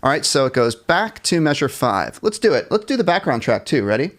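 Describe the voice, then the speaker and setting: At medium pitch, very animated and fairly quick, a man runs a live online jazz band class from his computer. He counts the band in and scats the melody lines, staying friendly and encouraging while laughing off his small errors.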